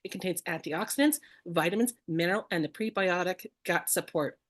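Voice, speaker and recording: A woman's voice: on the low side, a little fast. A woman co-presenting an online class over a video call, bubbly and tripping over ingredient names.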